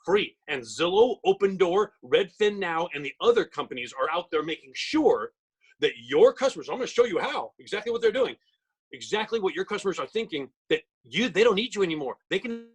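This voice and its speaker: A middle-aged man presents a real estate training webinar very rapidly, pressing points hard like a salesman. His high, husky voice is sing-song, and the audio from his computer mic on the video call is poor.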